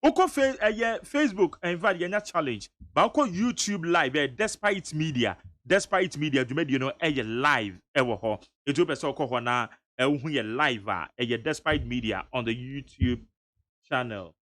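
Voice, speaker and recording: A man with a Ghanaian accent hosting a radio talk show, lively and mixing Twi with English. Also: mid-range voice, moderate pace. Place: radio studio.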